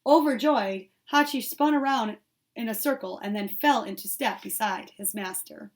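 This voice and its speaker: A woman's voice: fairly high pitch, normal speed. A woman reading a children's novel aloud, reading steadily and correcting her small slips as she goes. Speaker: audiobook reader.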